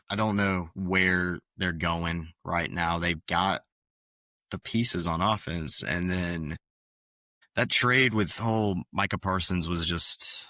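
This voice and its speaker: Very deep-voiced male sports co-host. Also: pushed and bright, no echo, studio quality. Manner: measured, hesitant, many fillers. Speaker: podcast co-host. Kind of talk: casual sports chat.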